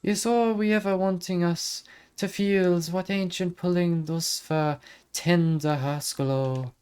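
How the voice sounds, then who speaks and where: A man's voice: high voice, steady tone, slow, a little mellow, clean tone, pitched above the performer's own voice. A man voicing a bouncy, ancient female fairy in a put-on Irish accent, with dreamy, garbled, old-fashioned phrasing. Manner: lilting, garbled archaic phrasing.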